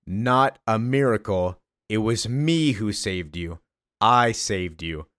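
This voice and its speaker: A man voicing a calm, insistent alien presence that speaks slowly and hypnotically. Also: on the low side, clear, resonant tone, no room sound, studio quality.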